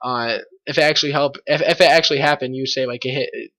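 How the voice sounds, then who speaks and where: A man's voice: mid-range voice, steady tone, fast, bright, forceful tone. A teenage boy rambling through a storytime monologue, full of fillers and swearing. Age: teens.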